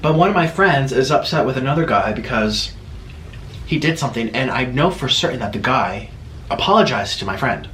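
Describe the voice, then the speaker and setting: A man hosting an eating video at home, chatting casually and rambling between bites. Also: a little fast. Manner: chatty, rambling, animated swings in pitch. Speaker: mukbang host. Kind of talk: casual chat while eating. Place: room at home. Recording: echoey room with faint background noise.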